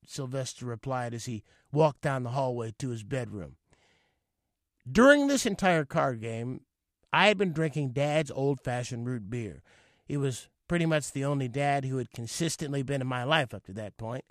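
Animated man telling a memoir. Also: fairly high pitch, no room sound, studio quality. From California, United States. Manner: animated, wry comic delivery. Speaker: storyteller. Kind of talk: solo stage memoir storytelling.

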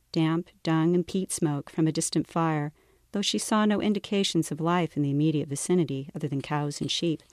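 A woman's voice: low voice, dry recording, studio quality. Woman author reading her novel.

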